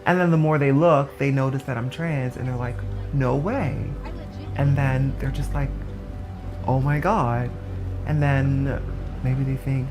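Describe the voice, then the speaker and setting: A woman's voice: a bass voice, fairly even intonation, measured pace. A woman telling personal stories in a chatty way during a documentary-style interview. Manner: chatty storytelling, many "like" fillers. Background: background music.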